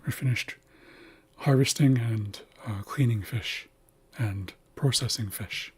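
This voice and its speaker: A man teaching a language in a livestream lesson, speaking slowly and carefully and repeating words to show how they are said. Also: medium pitch, husky.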